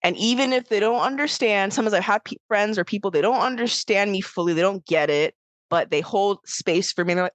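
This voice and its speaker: A woman's voice: medium pitch, fairly quick, dry recording, lo-fi sound. A woman co-hosting a podcast in casual chat, rambling with many fillers and restarts, acting out quoted voices as she tells stories. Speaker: podcast co-host.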